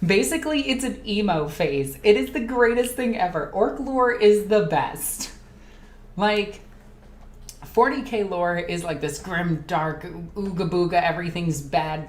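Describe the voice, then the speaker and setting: A woman hosting a casual live Q&A stream. She reads viewer comments aloud and chats excitedly, jumping from topic to topic. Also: lowish voice. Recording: echoey room with faint ambient noise.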